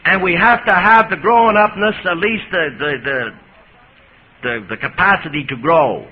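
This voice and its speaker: A male priest giving a lively, folksy talk on recovery to an audience, recorded on an old 1980s tape. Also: sits high, moderate pace, slightly rough. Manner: lively, folksy, jokey storyteller. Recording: muffled 1980s tape with hiss.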